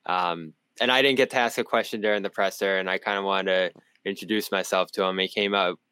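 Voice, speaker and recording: Reporter mit Bostoner Akzent, tiefe klare Stimme. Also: male voice, low-pitched, fairly even intonation, a little fast, sharp tone, clear, resonant tone, dry recording. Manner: storytelling, laughs often. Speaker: sports reporter. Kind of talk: podcast panel chat.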